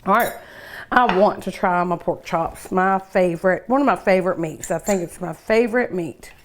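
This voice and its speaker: Speaking at a moderate pace in a fairly low voice, an older Kentucky woman who owns a restaurant hosts a cooking show where she tastes dishes. Each bite draws gushing praise, hums, and sighs.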